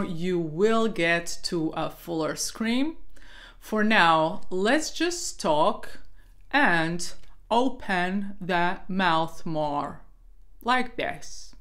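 A young woman teaching a voice lesson on false cord talking, joking playfully and dropping into a gravelly rattle for her demonstrations. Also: fairly low pitch, a bit bright. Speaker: vocal coach.

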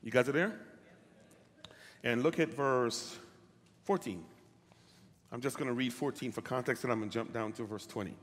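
A man preaching a sermon as pastor, often checking in with the congregation and rising from quiet talk to shouted calls. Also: mid-range voice, moderate pace, long pauses. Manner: asks the congregation questions. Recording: hall reverb.

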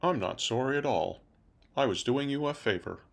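A man's voice: medium pitch, lively intonation, moderate pace, gravelly. A man playing a haughty, self-righteous partner in a comic sketch, speaking in a grand, lofty way. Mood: pompous. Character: pompous offended partner, adult man.

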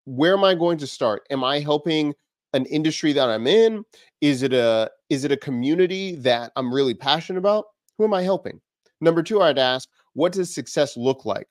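A man hosting his own channel, giving business advice straight to camera in an energetic way, asking one rhetorical question after another. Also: on the high side, no echo, studio quality. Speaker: business coach and channel host.

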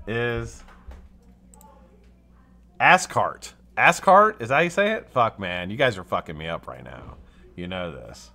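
An American man hosting a casual live stream, chatty and animated, greeting chat and swearing freely. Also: deep voice, moderate pace, vocal fry. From United States. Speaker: livestream host.

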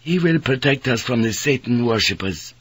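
A man's voice: mid-range voice, animated, normal speed, fairly bright tone, slightly rough, no room sound. A man voicing a pious young merchant adventurer who speaks in a confident, preacherly way. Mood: fervent.

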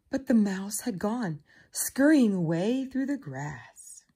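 A woman reads a children's picture book aloud in a gentle, unhurried storytelling style. Her medium-pitched voice is expressive, swooping through each sentence, with a soft, slightly breathy quality.

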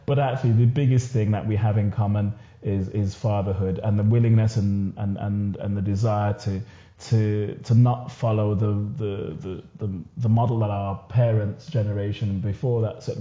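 A man's voice: lowish voice, fairly even intonation, moderate pace, dark tone. A man in a casual podcast discussion, talking earnestly with many repeated words and restarts. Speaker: podcast guest. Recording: echoey room, dull lo-fi sound.

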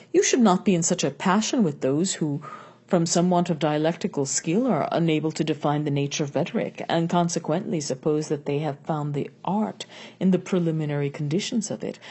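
A woman's voice: on the low side, mellow, slightly rough. A woman reading the lines of an older male philosopher in a patient, questioning manner. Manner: reasoned, questioning delivery.

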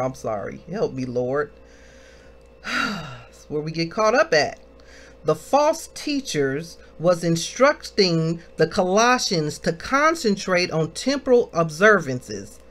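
A woman in her thirties leading an informal Bible study, reading passages and exhorting listeners with questions she answers herself. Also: sits low. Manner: exhorting, asks questions and answers them, exclaims.

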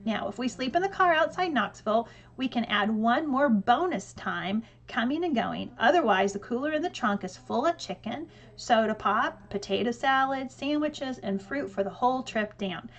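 A woman doing a brisk, organized mom reading out plans. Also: on the high side, lively intonation. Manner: methodical, brisk list-reading. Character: organized, businesslike mother laying out plans.

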